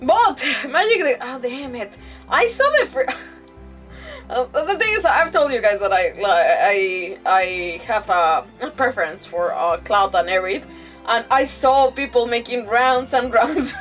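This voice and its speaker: A woman's voice: on the high side, distant mic. A woman gaming streamer from Mexico, chatting casually and rambling with lots of restarts and giggles. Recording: voice a bit off-mic, faint game music.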